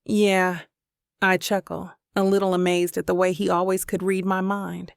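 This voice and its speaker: A woman narrating a romance audiobook in first person, steady and intimate. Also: fairly low pitch, normal speed, gravelly, dry recording, studio quality.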